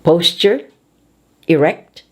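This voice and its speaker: Woman, speech coach lecturing; very slow, animated pitch, emphatic delivery. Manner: slow, emphatic, demonstrating intonation. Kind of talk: teaching lecture.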